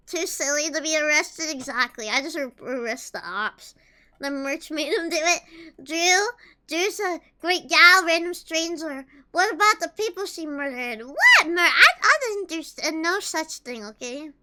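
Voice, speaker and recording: A young adult woman streams as a VTuber, chatting casually and reacting to viewers in a giggly, playful way, joking in bursts of mock drama. Her high, sharp-toned voice is animated but a little slow and cracks often.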